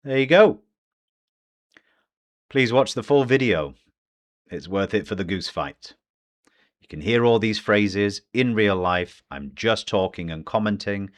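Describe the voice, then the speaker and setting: A man with a British accent teaching English pronunciation, slowly modelling phrases one by one. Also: fairly low pitch, animated. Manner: slow, deliberate modelling of phrases. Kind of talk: pronunciation lesson.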